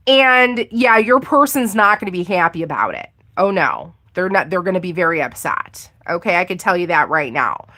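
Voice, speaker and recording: A woman's voice: mid-range voice, sharp tone. A woman giving a casual live tarot reading, chatty and giggly, exclaiming often as she talks. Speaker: tarot reader.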